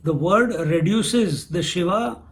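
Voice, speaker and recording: A man giving a spiritual discourse, unhurried, who asks questions and answers them himself. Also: high voice. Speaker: spiritual teacher.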